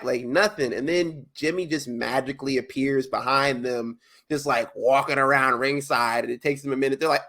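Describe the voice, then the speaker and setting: A man co-hosting a casual wrestling podcast, animated and joking, often breaking into laughter and high-pitched impressions. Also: normal speed. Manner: animated, jumps into high-pitched quoted voices, laughs a lot. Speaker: podcast co-host.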